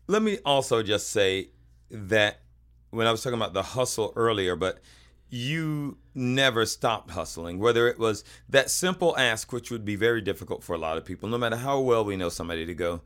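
A man co-hosting a casual talk show, animated and often laughing, repeating phrases as he talks. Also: fairly low pitch, a little fast. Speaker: podcast co-host. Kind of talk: casual chat.

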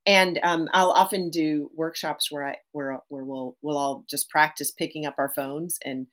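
A middle-aged woman therapist speaking as a podcast guest, animated, often restarting phrases and adding "right?". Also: low voice, normal speed. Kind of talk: podcast interview.

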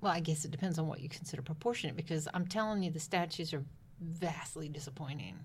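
A woman's voice: sits low, fast, a little hiss or hum. A woman co-hosting a podcast in casual, joking chat, laughing often and putting on playful accents. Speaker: podcast co-host.

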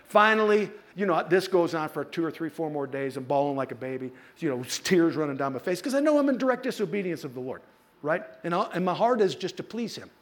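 A man's voice: a little high, sing-song, a little fast. A middle-aged man pastor preaching a sermon, telling a personal story with playful asides to his congregation. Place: church.

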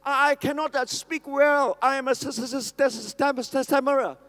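A man's voice: very high-pitched, fairly even intonation, moderate pace, a bit bright, pitched above the performer's own voice. A man doing a meek stammering old prophet. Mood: pleading. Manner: heavy stammer, repeating sounds. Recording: long hall reverb.

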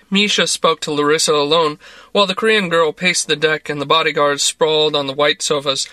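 A man reading a story aloud as narrator in a measured, even way. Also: a little high, dry recording.

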